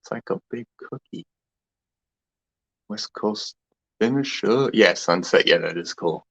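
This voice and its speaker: A man's voice: fairly low pitch, expressive, measured pace, creaky, a bit bright, breathy edge, muffled recording. A man hosting a casual spiritual talk session. He rambles and meanders, laughs often, and trails off mid-thought.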